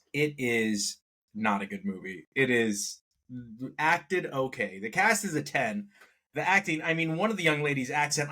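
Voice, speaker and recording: A man with a bright, forward voice, pitched a little high, co-hosting a casual movie review podcast. He talks in a rambling, animated way, restarting and correcting himself as he goes. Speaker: podcast co-host.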